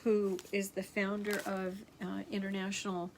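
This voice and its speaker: A woman teaching energy healing, slowly reading out affirmations in a gentle, unhurried way with many pauses. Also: medium pitch, little pitch movement, a little hiss or hum. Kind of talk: slow guided healing affirmations.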